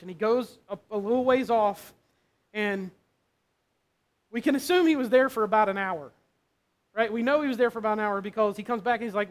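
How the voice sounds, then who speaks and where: A man with a high-pitched voice preaching a sermon. He talks in a casual, conversational way. He keeps checking in with the room by asking "right?". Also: brisk. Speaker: pastor.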